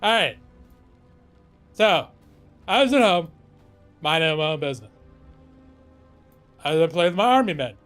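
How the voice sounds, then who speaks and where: A man putting on the voice of an overexcited viewer who rambles through a story in a frantic, shouty way with dramatic pauses. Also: on the high side, lively intonation, soft background music. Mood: breathless, excited.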